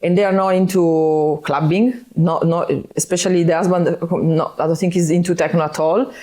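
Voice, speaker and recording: A woman from Sardinia with an Italian accent talks as a guest in a casual interview. Her voice sits somewhat low, and she chats freely, breaking off and restarting and laughing often. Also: fairly even intonation, moderate pace, dark tone. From Sardinia, Italy.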